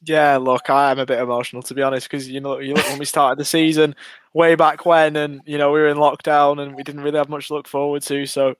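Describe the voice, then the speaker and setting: A man rambles through casual podcast chat, laughing at himself. His voice sits on the higher side. The recording is dry and close. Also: monotone, fast, clean tone, no echo. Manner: self-mocking, rambling, laughs easily. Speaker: podcast co-host.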